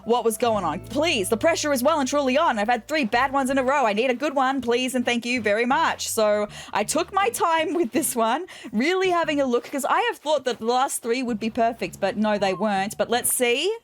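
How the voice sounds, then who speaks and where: A woman's voice: sits high, a little fast, hardly any pauses, faint music behind. A young woman hosting a let's-play, narrating her game day in a chatty, playful way. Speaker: gaming channel host.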